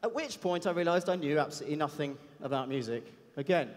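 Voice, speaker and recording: High animated guy telling stories on stage, joking at himself, big hall echo. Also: fast. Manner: chatty, self-deprecating, humorous. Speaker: conference speaker. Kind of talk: anecdotal keynote talk. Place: conference stage. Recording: long hall reverb.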